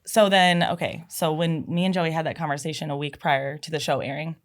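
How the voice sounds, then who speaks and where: Brief: low-pitched woman guest, chatty and rambling, casual studio podcast talk. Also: steady tone, a little fast. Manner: chatty, heavy use of "like". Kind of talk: casual chat.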